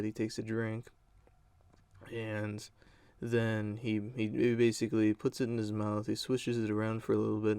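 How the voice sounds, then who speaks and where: A young man with a low, gravelly voice tells a school story in a loose, rambling way, swearing freely and using plenty of fillers. His tone is dark and mellow, and the recording is dry and close. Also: no room sound. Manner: rambling, profane, lots of fillers. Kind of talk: casual storytime.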